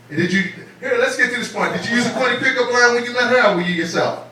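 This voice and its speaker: A man's voice: very high-pitched, fast, pushed and bright. A man doing a stand-up comedy set on a club stage, profane and streetwise, firing rhetorical questions at the audience. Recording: echoey club from far off, crowd laughter. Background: audience laughing.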